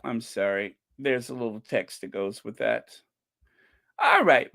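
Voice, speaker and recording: A man's voice: medium pitch, sing-song, measured pace, vocal fry, sharp tone. A man hosting his own channel, chatting casually, laughing often, rambling with fillers. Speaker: channel host. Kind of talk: casual commentary.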